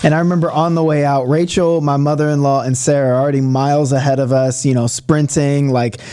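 A man's voice: mid-range voice, fairly even intonation, a little fast, warm tone, smooth. A man co-hosting a podcast, telling stories in a dry, joking, casual way. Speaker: podcast co-host. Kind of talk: casual chat.

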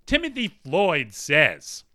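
A man in his thirties co-hosts a podcast, reading out listener emails and riffing on them at a quick clip. His voice sits a bit high and bright, with lively swings in pitch, recorded dry and close. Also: no room sound. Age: 30s. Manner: quick-talking, animated, reads emails aloud with quips. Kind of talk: casual podcast chat.

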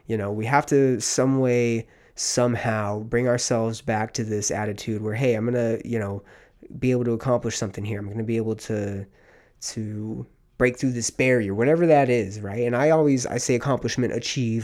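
A man's voice: mid-range voice, fairly quick, a little mellow. Profane fired-up podcast host man. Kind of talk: casual solo podcast rant.

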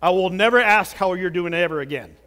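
A man preaching a sermon, telling a Bible story with dramatic swings from loud outbursts to hushed words. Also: high voice, a little fast. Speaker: pastor.

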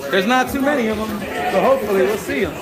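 A man's voice: high voice, fast, a loud crowd. A man at a party in a large hall, teasing and laughing.

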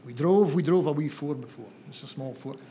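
A man in his fifties with a broad northeast Scottish accent, chatting as a guest distiller on a podcast, friendly with frequent pauses. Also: a little high, dark tone, slight background noise. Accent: northeast Scottish, Banffshire. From Scotland. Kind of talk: casual podcast chat.

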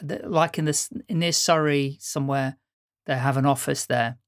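A woman's voice: rumbling low, fairly even intonation, normal speed, dry recording, studio quality. Chatty Dutch-born woman host. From Netherlands. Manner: chatty storyteller, laughs often, restarts sentences. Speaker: podcast host. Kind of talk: casual conversational interview.

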